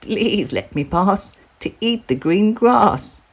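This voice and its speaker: Squeaky timid little billy goat. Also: male voice, expressive, slow, full character voice. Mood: pleading. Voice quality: high and soft. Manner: polite, pleading. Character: small young male billy goat, timid and pleading. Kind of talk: storybook read-aloud.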